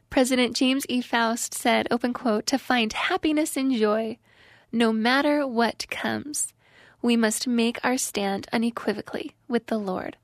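A woman's voice: fairly high pitch, no room sound, clean studio sound. A young woman giving an inspirational devotional talk to youth, telling her story in an earnest, emphatic way.

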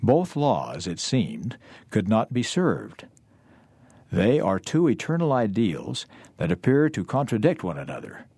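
A man reading a parable aloud for a lesson in a measured, even way. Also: on the low side, breathy edge, no room sound. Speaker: reader of a lesson text.

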